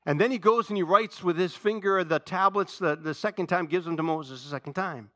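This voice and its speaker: A male pastor preaching a sermon with passion, dropping to a hush and then rising loud. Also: high-pitched, fairly quick. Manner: impassioned preaching, swinging between hushed and loud.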